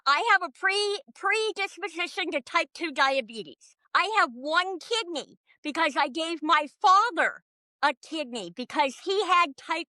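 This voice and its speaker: A woman comedian in casual podcast chat, profane and animated, ranting with big swings in loudness. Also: high-pitched, dry recording. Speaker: comedian guest.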